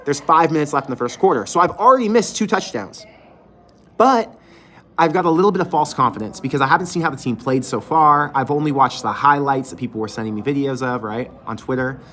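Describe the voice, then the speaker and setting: A man's voice: mid-range voice, lively intonation, a little fast, a bit bright. A man hosting a fan channel livestream, venting candidly with casual swearing from an empty closed restaurant.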